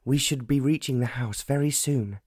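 A man voicing a headstrong, spirited young English lady of the aristocracy, brisk and self-assured, in an audiobook reading. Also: medium pitch, darkish tone, husky, dry recording, studio quality, natural voice. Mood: eager. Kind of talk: audiobook narration.

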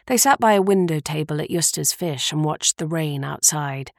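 A woman narrating an audiobook in a steady, measured reading. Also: deep voice, no echo, clean studio sound. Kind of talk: scripted narration.

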